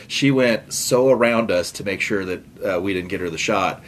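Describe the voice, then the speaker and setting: Low-voiced rambling man telling golf stories. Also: normal speed. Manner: rambling, lots of uh fillers, acts out quotes. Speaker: podcast co-host. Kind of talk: casual storytelling chat.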